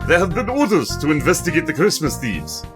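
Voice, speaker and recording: A man's voice: fairly high pitch, sing-song, fairly quick, music in the background, pitched above the performer's own voice. A man doing a suave Russian-accented pigeon spy. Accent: put-on Russian. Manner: smooth, theatrical, playboy charm. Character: suave male pigeon secret agent, flirtatious. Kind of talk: video game voice acting.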